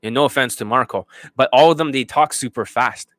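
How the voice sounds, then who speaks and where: A man's voice: medium pitch, brisk, a bit bright, no room sound. A man working as a dating coach, ranting bluntly and profanely to his students. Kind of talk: unscripted monologue to students.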